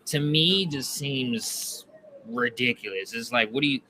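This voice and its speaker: A young man chats casually on a comedy podcast, rambling and hesitant. His voice is very bright and sharp. Faint noise hums behind him. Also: mid-range voice, unhurried. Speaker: podcast co-host.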